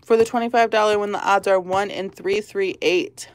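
A woman's voice: mid-range voice, fairly even intonation, normal speed. A woman hosting a lottery-ticket channel, chatting casually and giggling as she calls out numbers one by one. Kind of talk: casual chat while scratching tickets.

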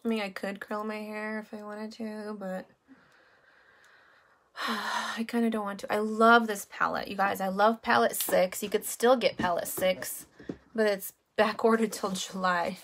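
A woman's voice: medium pitch, flat delivery, a little slow, a bit bright. A woman in her thirties chatting casually on a live stream while showing makeup, with many fillers. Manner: chatty, greets viewers by name, many fillers.

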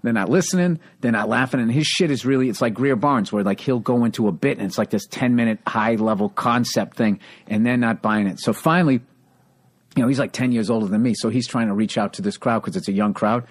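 A man from the United States, a stand-up comedian hosting a podcast, telling profane, animated stories in casual chat. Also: medium pitch, brisk.

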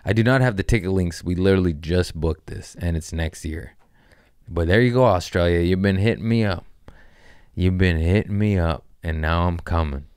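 A man's voice: deep voice, normal speed, a little mellow, clear, resonant tone, no echo, studio quality. A man around forty hosting his own podcast, riffing loosely and jokingly in casual, profane chat. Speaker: comedian podcast host.

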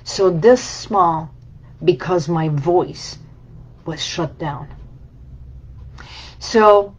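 A woman coach speaking slowly and deliberately in a slightly low voice. She is reflective, repeating and layering her phrases like a list. The recording sounds dull and lo-fi. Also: a little mellow. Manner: reflective and repetitive, building phrases in lists. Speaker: healing coach. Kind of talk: motivational talk.

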